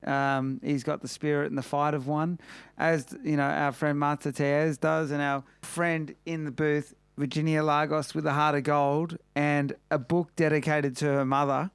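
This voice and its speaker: A man's voice: on the high side, level tone, moderate pace, clear, resonant tone, no room sound. An Australian man hosting a casual chat show, chatty and exuberant with plenty of slang. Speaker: podcast host.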